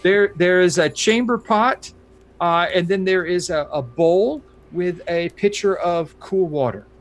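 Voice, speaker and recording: A game master narrating a tabletop role-playing session. The voice sits in a middle pitch and the delivery is relaxed and chatty. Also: measured pace. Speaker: dungeon master.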